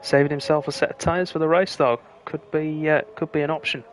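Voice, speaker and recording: A man commentating live on an online racing stream, calling the action in a brisk play-by-play manner. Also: a little high, slight background noise. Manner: brisk play-by-play, rising excitement at close finishes. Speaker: lead commentator.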